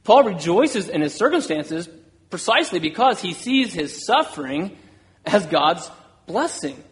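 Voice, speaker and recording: A man's voice: high-pitched, very animated, a little slow. A man preaching a sermon, earnest, voicing an apostle's words with rising intensity. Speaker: pastor.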